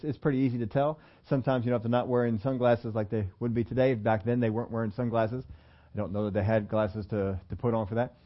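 A man's voice: medium pitch, highs cut off. A man preaching a sermon in a church room, talking conversationally and putting questions to the congregation. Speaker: pastor.

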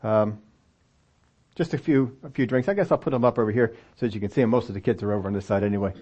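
A pastor with a lowish, mellow voice and a breathy edge speaks at a quick pace, heard through a muffled recording. He preaches conversationally in a church sanctuary with children present, acting out the voices of the story's people.

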